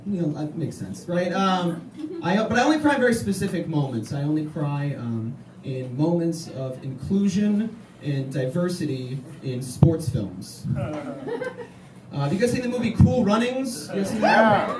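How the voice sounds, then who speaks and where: A man with a Midwestern accent doing a stand-up set in a small bar, talking in a halting, deadpan, self-deprecating way. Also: fairly high pitch. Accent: Midwestern American. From Kansas, American Midwest. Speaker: stand-up comedian. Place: small bar comedy night. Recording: echoey bar room, distant mic, noisy.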